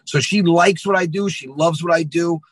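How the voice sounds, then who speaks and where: A man in his thirties, a comedian telling stories in a lively way and acting out dialogue. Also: a little high, normal speed, husky, no echo, poor audio. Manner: lively, acts out dialogue, says "man" often. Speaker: comedian guest. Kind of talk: animated podcast storytelling.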